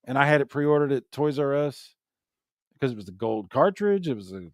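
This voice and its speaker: A man co-hosting a casual podcast chat, telling animated stories and acting out what people said. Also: mid-range voice, moderate pace, dry recording, studio quality. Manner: animated storyteller, acts out quotes. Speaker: co-host.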